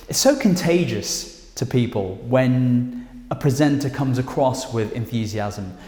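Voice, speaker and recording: A man with a British accent teaching presentation skills straight to camera, speaking emphatically with lively intonation. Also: medium pitch. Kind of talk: direct-to-camera instructional talk. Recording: echoey room with long reverb.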